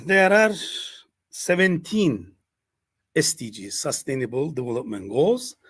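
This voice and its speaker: An older Turkish-speaking man gives an academic presentation in English, halting often and repeating phrases, with fillers. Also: a little high. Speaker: university lecturer.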